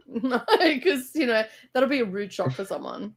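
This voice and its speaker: An Australian woman co-hosting a live book stream, telling animated stories in casual chat and laughing often. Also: fairly high pitch, unhurried. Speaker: co-host of a live reading stream. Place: rural home library.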